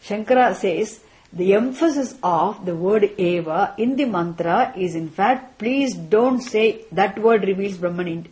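A woman teaching a class on scripture, speaking deliberately and often checking in with "isn't it?". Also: mid-range voice, darkish tone. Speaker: Vedanta teacher.

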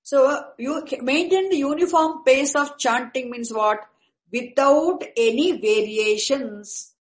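Slow, patient woman teacher. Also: high voice, poor audio. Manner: patient, repeats and restarts while explaining terms. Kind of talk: lecture on Vedic chanting.

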